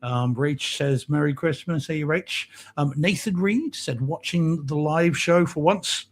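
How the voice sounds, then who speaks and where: A man's voice: on the high side, measured pace. A man co-hosting a podcast in a casual live-stream chat, reading out and greeting viewer comments. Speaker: podcast co-host.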